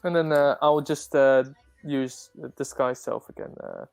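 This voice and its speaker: A woman's voice: very deep voice, measured pace, creaky, darkish tone, no room sound, faint music behind. A woman playing a tabletop game who talks hesitantly, with many fillers. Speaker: player. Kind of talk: casual tabletop play.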